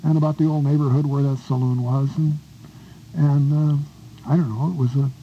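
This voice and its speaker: A man's voice: on the high side, steady tone, moderate pace. An older man, a war veteran, tells a rambling, folksy story in oral-history style, stumbling over restarts and acting out the voices of people in it. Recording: dull lo-fi recording with faint hiss.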